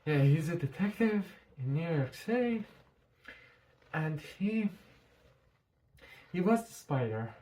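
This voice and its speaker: A man's voice: on the high side, expressive, takes it slowly, pauses often, mellow. A man reviewing a show in a casual vlog, talking through a mask, rambling and swearing freely.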